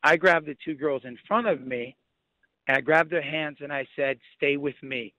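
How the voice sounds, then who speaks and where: A man's voice: on the high side, dry recording. A young man speaks over a muffled phone line, tripping over his words as he relives a frightening night. His sentences break off and restart as he goes. The sound is dry and close, with no room around it. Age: young adult. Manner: halting, many restarts, vivid retelling. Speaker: phone-in guest. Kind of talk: emotional first-hand account. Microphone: phone call.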